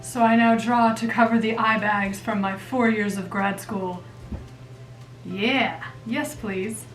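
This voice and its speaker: A woman's voice: medium pitch, fairly even intonation, slow, faint music behind. A young woman doing her makeup on camera, chatting in a playful, self-mocking way. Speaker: makeup vlogger. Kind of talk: casual chat. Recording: roomy echo, mic at a distance.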